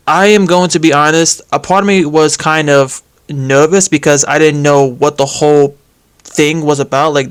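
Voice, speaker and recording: A fairly high-voiced man rants about a game story in a loose, animated way. He swears freely and leans hard on "like" as he works through his frustration. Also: smooth. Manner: animated and exasperated, with heavy use of "like" and swearing. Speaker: game commentator. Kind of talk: casual video game reaction rant.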